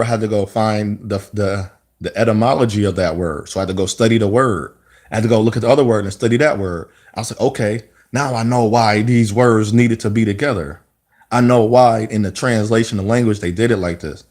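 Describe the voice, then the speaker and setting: A man's voice: lowish voice, a little mellow. Preachy man talking with emphatic repetition. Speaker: speaker giving commentary. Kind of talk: impassioned monologue.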